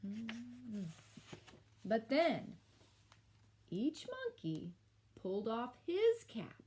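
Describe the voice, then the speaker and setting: A woman teacher reading a picture book aloud to children, with expressive storytelling and little asides. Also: fairly high pitch, drawn-out words, slight background noise. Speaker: elementary school teacher.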